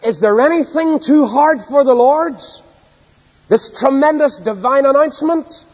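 Animated preacher in a reverberant hall. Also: male voice, very high-pitched, unhurried. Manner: emphatic, dramatic reading of scripture. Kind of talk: evening sermon. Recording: long reverb of a large hall.

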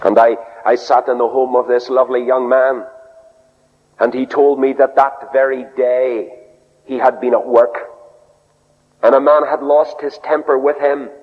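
A man preaching a sermon, telling stories earnestly and dropping low and soft for quoted words. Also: little pitch movement, measured pace. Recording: dull radio broadcast with long reverb.

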